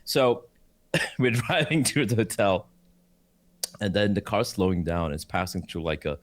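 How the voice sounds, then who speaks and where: A man tells a rowdy story in a casual chat, and his pitch swings widely as he goes. He swears freely and jumps into loud, high voices to act out other people. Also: a little slow. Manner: animated, swears a lot, acts out voices with high shouts. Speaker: co-host of esports talk show.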